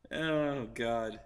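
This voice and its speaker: A man's voice: mid-range voice, a bit bright, smooth. A man hosting a casual live-stream chat from a heated tent, laughing often and chuckling between his remarks. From United States. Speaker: host.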